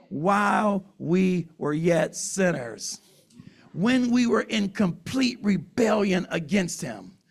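A man's voice: high-pitched, gravelly, breathy edge. A man preaching a sermon in an earnest, emotional, emphatic way.

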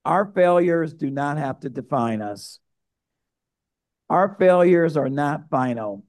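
A man's voice: a little high, expressive, slow pace, a little mellow. A male pastor preaching a sermon, building to emphatic, repeated outbursts.

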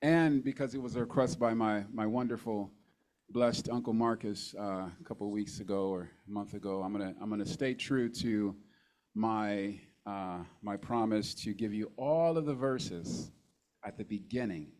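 A man preaching a sermon into a handheld microphone in a church. He draws amens from the congregation and reads scripture references slowly, repeating each one. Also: fairly low pitch, a little mellow, low-quality recording. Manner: call-and-response with the congregation, frequent amens. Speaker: guest preacher. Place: church sanctuary.

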